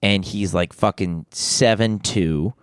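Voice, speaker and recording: A man's voice: low voice, slow pace, clean tone, dry recording, studio quality. A man co-hosting a podcast, telling a rambling story in casual chat with lots of restarts and fillers. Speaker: podcast co-host.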